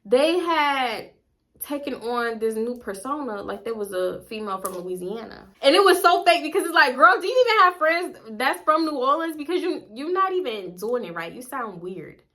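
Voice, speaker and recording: A young woman vlogger telling a gossipy storytime in a blunt, animated and profane way. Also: high voice, fairly quick, hardly any pauses. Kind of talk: casual storytime.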